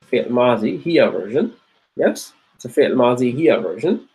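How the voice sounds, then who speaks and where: In a rough recording, a man with a medium-pitched, slightly mellow voice and lively intonation gives an Arabic grammar lecture. He repeats each word slowly and asks his students questions to check they follow.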